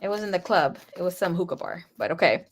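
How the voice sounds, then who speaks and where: A young woman who reads tarot speaks in a fairly low, brisk voice, with a slight hiss or hum on the recording. Addressing her viewers directly, she tells a personal story in a loose, chatty way. She is candid and dramatic and swears often.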